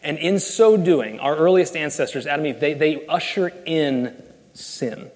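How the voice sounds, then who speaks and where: A pastor giving an emphatic, earnest sermon and reading scripture aloud. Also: male voice, on the high side, lively intonation, normal speed, darkish tone, in a large hall. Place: church sanctuary.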